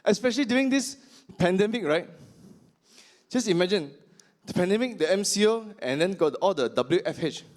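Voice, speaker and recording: A male stand-up comedian, punching through his set. His voice sits fairly high and swings widely in pitch as he exaggerates each joke. The delivery is loud and theatrical. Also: animated, normal speed, long pauses.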